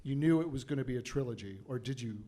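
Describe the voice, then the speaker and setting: A man moderating a book event, asking questions in a quick and halting way. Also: medium pitch, lively intonation, dark tone. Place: event hall with an audience.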